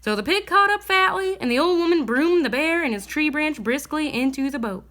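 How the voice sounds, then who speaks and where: A woman reading a bedtime story aloud in a gentle, expressive way. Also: high-pitched, a little fast.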